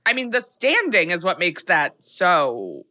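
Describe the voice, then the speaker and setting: A woman's voice: lowish voice, big pitch swings, bright, forceful tone. A woman co-hosting a podcast, chiming in with short, supportive remarks in casual chat. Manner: short supportive interjections and quick quips. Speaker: podcast co-host.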